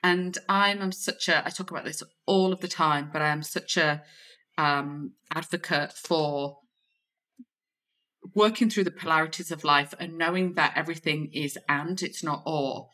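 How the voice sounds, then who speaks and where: A woman's voice: sits low, moderate pace. A woman hosting a podcast as a confidence coach, speaking in an affirming, encouraging way. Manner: warm, affirming coaching talk. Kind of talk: casual chat.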